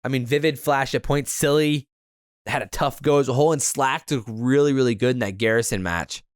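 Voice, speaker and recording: A man's voice: mid-range voice, fairly quick, clear, resonant tone, no room sound, clean studio sound. A man hosting a casual esports podcast, upbeat and joking with his co-hosts. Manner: upbeat, joking, laughs often. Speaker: podcast host.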